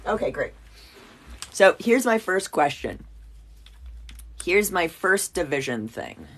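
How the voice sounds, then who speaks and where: A woman's voice: lowish voice, very animated, takes it slowly, fairly bright tone. A woman giving a casual, playful math lesson at a whiteboard, chatty and joking at herself as she works. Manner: playful, chatty, self-mocking asides. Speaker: math teacher.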